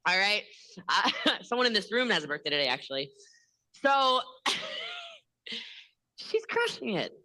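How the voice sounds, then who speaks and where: A woman giving a motivational sales training in a lively, laughing way, acting out other people's lines. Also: mid-range voice, measured pace, long pauses, low-quality recording.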